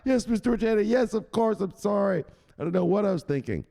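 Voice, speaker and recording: A man doing a meek, high-pitched nervous investor. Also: animated, fast, creaky, warm tone, exaggerated voice. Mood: timid. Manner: meek, apologetic pleading. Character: timid male investor afraid of losing money.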